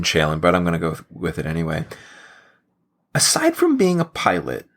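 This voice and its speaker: Man, low voice, lively pitch, podcast trivia host, jokey, laughs a lot. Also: gravelly. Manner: jokey, laughs often, animated quizmaster delivery. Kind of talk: casual podcast chat.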